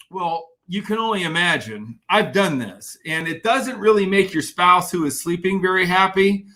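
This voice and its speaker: Bright, high-voiced energetic motivational speaker man. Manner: energetic, greets viewers by name while reading comments. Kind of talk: live-streamed motivational talk.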